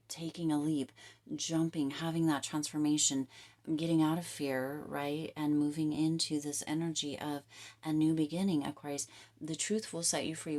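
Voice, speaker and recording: Speaking to camera, a woman tarot reader delivers a reading in emphatic, repetitive coaching phrases, occasionally dropping to a soft near-whisper. Her voice sits low.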